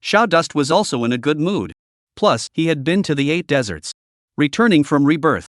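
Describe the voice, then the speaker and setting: A man narrating a fantasy comic story in scripted form, with steady storytelling delivery. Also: fairly high pitch, normal speed, no room sound, clean studio sound. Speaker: recap narrator.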